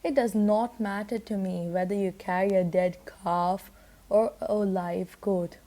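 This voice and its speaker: A sly male crook who feigns polite concern, talking with mock respect and false courtesy, as a woman reading a storybook puts him on. Her voice stays mellow and warm throughout. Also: medium pitch, fairly even intonation, a little slow, close to an everyday voice.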